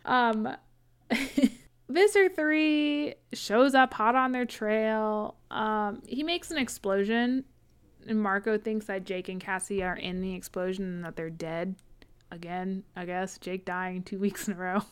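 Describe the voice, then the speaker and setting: A woman's voice: medium pitch, slow, smooth. A woman co-hosting a podcast in casual chat, recapping a book with frequent laughs and acted-out quotes. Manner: chatty, laughing often, acts out characters' lines in retelling.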